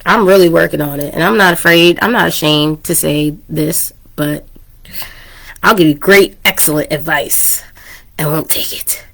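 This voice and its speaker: A woman's voice: deep voice, normal speed, gravelly, a bit bright. A woman hosting her own podcast in casual, candid chat, laughing often and a little under the weather with a cough, speaking into a turned-down microphone. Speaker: podcast host. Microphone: microphone turned down low.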